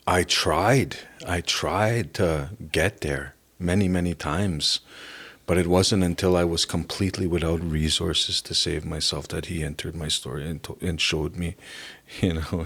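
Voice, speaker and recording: A middle-aged man from Canada giving an earnest, halting personal testimony as a podcast guest. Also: low-pitched, steady tone, fairly bright tone, breathy edge. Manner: earnest, halting, emotional at times.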